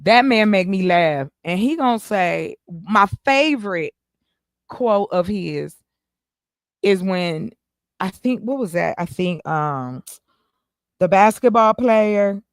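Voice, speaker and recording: Woman, stream host, casual chat, animated, joking, swears freely, dry close mic. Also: medium pitch, takes it slowly, no room sound.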